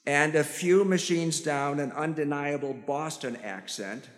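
A priest with a Chicago accent preaching a sermon, telling stories with self-deprecating humor. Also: male voice, on the high side, a little slow. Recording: church hall reverb.

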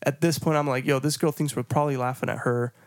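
A man's voice: mid-range voice, steady tone, fast talker, no echo, studio quality. Profane man telling a story with laughter. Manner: profane, laughing storyteller who acts out his own lines. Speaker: podcast co-host. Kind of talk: casual storytelling chat.

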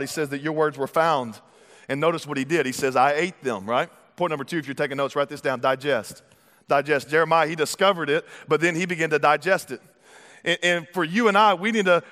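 A man preaching a sermon as pastor, lively and conversational, with repeated words and acted-out asides. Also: sits high. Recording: long hall reverb.

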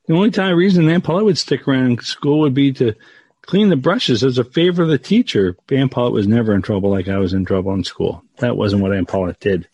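A middle-aged man telling a personal story in a casual, animated way, his voice rising for the punchlines. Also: medium pitch, fairly quick, slightly rough, no echo, muffled recording.

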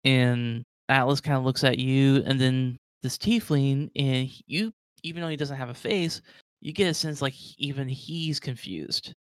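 A man's voice: mid-range voice, fairly even intonation, moderate pace, clear, resonant tone, no echo, studio quality. A man narrating as game master of a tabletop role-playing game, rambling and full of "like". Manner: rambling, heavy with "like".

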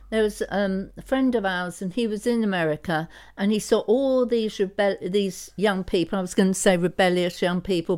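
A woman on a faith podcast, telling a story reflectively with many pauses and restarts. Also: fairly low pitch, darkish tone, clean tone. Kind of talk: casual faith podcast discussion.

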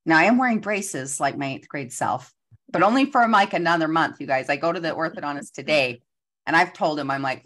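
Low-voiced woman in her forties. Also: fairly quick. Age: 40s. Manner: animated, acts out her own inner voices. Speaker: host. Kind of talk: motivational talk.

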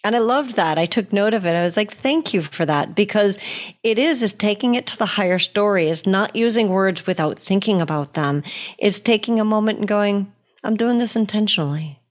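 A woman's voice: mid-range voice, expressive, brisk. Woman host, casual, enthusiastic, exclamatory. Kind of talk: casual podcast conversation.

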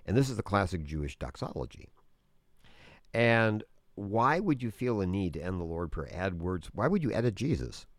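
A man with a very deep voice explains things at length, earnest and conversational. He often restarts his sentences while he thinks aloud. The sound is dry and close to the mic. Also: very animated, normal speed, no echo. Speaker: guest teacher on prayer. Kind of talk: conversational religious teaching.

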